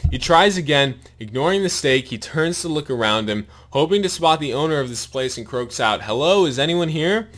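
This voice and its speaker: A man reading a long story aloud in a steady narrating voice, his mouth sore and bleeding after a wisdom tooth removal. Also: mid-range voice, normal speed, hardly any pauses. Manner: steady read-aloud narration with pained asides.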